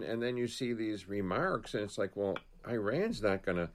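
A man's voice: fairly low pitch, lively intonation, a little hiss or hum. A man talking politics in a casual chat, rambling with frequent restarts and trailing phrases. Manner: rambling, halting, many restarts.

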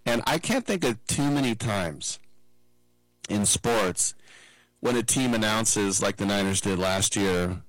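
A middle-aged man hosting a sports talk show, chatting casually and wandering into side stories with quick mimicked asides. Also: lowish voice, animated, a bit bright, dry recording, rough recording. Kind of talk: casual sports commentary monologue.

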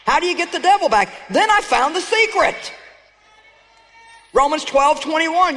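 A woman's voice: sits high, expressive, unhurried, pauses often, a bit bright. A woman preacher delivering a sermon, emphatic and calling on her audience to respond. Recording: long reverb of a large hall.

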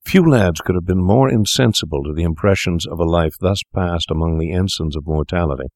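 A man reading a classic tale aloud as an audiobook narrator, in a measured storytelling delivery. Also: sits low, a little mellow, no room sound.

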